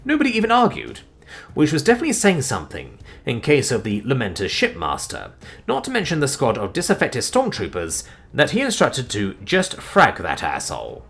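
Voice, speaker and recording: A man narrating a sci-fi war story in an animated, expressive way, with sudden swings in pitch and loudness. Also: moderate pace, creaky, soft background music.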